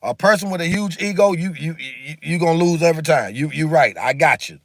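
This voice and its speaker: A man's voice: a little high, animated, brisk, dry recording, clean studio sound. Emphatic preachy man on a livestream. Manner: reads and answers viewer comments. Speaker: livestream host. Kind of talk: casual livestream monologue.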